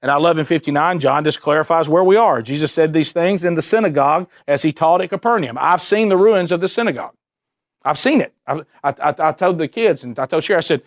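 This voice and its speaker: Earnest preacher with a twang. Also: male voice, a little high, fast talker, no room sound, clean studio sound. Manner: earnest, repeats words, fires rhetorical questions. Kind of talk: sermon.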